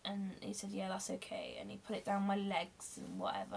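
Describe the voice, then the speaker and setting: Young woman, creaky voice, candid rambling storytelling, casual vlog. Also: mid-range voice, very animated, fairly quick, a little mellow, a little hiss or hum. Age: young adult. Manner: candid, rambling, emotional retelling.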